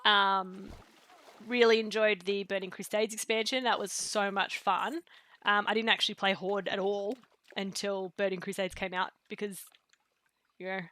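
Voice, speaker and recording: A chatty woman talks through her game on a live stream, wandering from thought to thought with plenty of ums. Her pitch sits in an ordinary middle range, and she slips into quiet near-whispered asides now and then. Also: no echo. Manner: rambling, chatty, full of fillers and pop-culture quotes. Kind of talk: casual live-stream chat while gaming.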